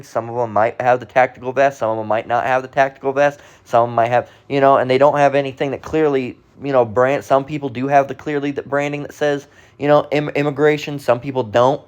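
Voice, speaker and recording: A man's voice: mid-range voice, clear, resonant tone, highs cut off. A man giving impassioned religious commentary as a preacher, rambling and repetitive, swearing freely and groping for words. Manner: rambling, repetitive, profane, restarts and gropes for words. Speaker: street preacher.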